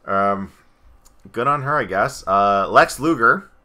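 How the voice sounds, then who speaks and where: A man co-hosting a casual podcast chat, rambling excitably with frequent asides. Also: mid-range voice, takes it slowly. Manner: rambling, excitable, slips into goofy impressions. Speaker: podcast co-host.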